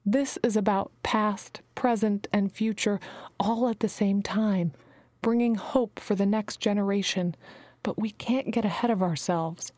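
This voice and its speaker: A woman's voice: mid-range voice, steady tone, unhurried, darkish tone, dry recording, close to an everyday voice. A woman reading a tender motherly healer. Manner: soothing, affectionate, sometimes drops to a whisper. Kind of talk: audiobook character reading.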